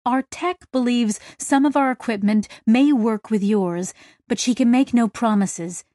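Calm polite translator woman on a starship, narrator voicing her, even and diplomatic. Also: a little high, a little slow, no echo, studio quality, close to an everyday voice. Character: calm female ship's clerk and translator.

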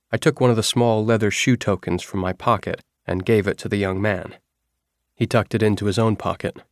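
A man reading a first-person novel aloud in a measured, even storytelling manner. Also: lowish voice, no room sound, studio quality. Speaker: audiobook narrator.

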